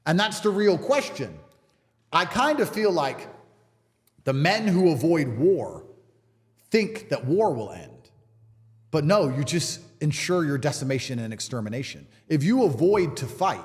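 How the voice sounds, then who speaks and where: Emphatic Englishman with a lively voice. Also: fairly high pitch, in a large hall. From England. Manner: emphatic, repetitive rhetorical speech. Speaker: interview guest. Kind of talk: podcast conversation.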